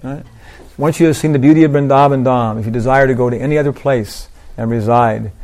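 An older man giving an informal devotional talk, rambling through anecdotes with lots of "you know" and soft laughs. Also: mid-range voice, steady tone, a little fast. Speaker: preacher.

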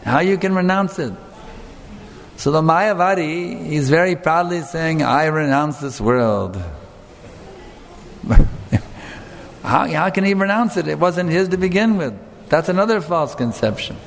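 A spiritual teacher gives an earnest devotional lecture, speaking emphatically and putting questions to his audience. His high voice moves at normal speed, with long hall reverb and faint room ambience in the recording.

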